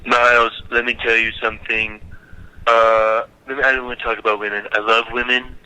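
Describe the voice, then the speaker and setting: A man doing a rambling, blustering politician impression. The voice stays bright and sharp-edged, and he leans into slow, emphatic lines. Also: mid-range voice, little pitch movement, clean tone, poor audio. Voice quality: rambling, nonsense-spouting.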